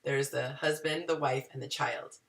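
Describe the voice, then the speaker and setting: A woman hosting a casual group video chat, an animated, self-deprecating storyteller who acts out the people she quotes. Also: extremely low pitch, moderate pace, vocal fry, distant mic. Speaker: host. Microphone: video call.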